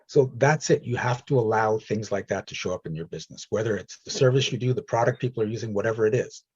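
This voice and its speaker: A man's voice: lowish voice, fast, a little mellow, slightly rough, dull audio. A man leading a coaching session, talking directly and reassuringly and acting out stories in quoted voices. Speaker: energy healing coach.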